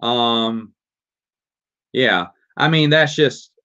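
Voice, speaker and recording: A man's voice: medium pitch, drawn-out words, pushed and bright, clean tone. Rambling Southern man on a live stream. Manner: rambling, reading out chat questions. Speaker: host answering viewer questions. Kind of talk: casual live Q&A. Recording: dull lo-fi stream audio.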